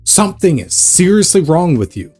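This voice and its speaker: A man giving a casual commentary vlog, ranting with sarcastic, animated energy. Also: high-pitched, normal speed, breathy edge, soft background music. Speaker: anime reaction youtuber.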